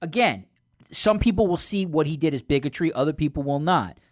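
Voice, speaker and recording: A man's voice: a little high, animated, a little fast, no echo, studio quality. A male radio host asking long, winding questions that hedge and restart as he goes. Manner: rambling, hedging questions full of restarts. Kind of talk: conversational radio interview. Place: radio studio.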